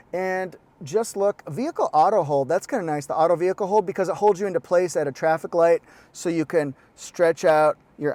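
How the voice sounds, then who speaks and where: Male car reviewer, casual and quirky, fairly high voice, lapel mic inside a car. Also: darkish tone. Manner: chatty, quirky, jokey asides. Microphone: lapel mic pack.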